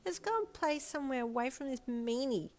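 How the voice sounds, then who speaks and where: A woman voicing a bossy but sweet four-year-old girl in a high childlike voice. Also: expressive, a little fast.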